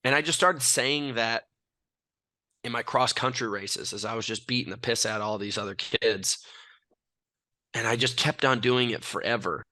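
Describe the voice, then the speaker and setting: A brash, self-assured young athlete from California tells stories as the guest in a casual interview. His mid-range voice has a sharp tone and a moderate pace, with no room sound.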